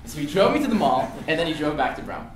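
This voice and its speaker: A young man telling a lively story to an audience in a lecture room, sometimes shouting out the lines he acts out. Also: fairly high pitch, quick pace, a little hiss or hum. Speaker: student speaker. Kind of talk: storytelling talk. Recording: echoey room, distant mic.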